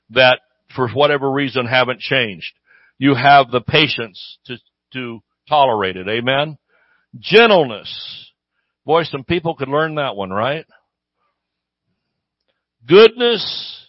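A man delivers a sermon in a slightly higher voice, talking to his listeners as if in conversation and regularly asking them "Amen?". The recording is close and dry, with a somewhat dull, muffled sound. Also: dry recording. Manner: conversational preaching with call-and-response "Amen?". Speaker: pastor.

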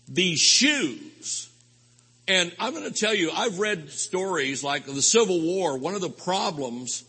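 Folksy preacher in a hall. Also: male voice, fairly high pitch, slightly rough. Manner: rambling, folksy, with sudden loud outbursts. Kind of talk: sermon. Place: live convention hall. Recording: live hall recording with long reverb.

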